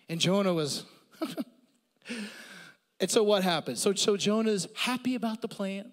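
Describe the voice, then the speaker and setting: A middle-aged pastor preaches in a high, bright voice that carries through a church with long reverb. He tells his stories with energy, climbing up and getting louder for the humor. Then he drops low and soft to press his point. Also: animated, normal speed. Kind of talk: sermon. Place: church sanctuary.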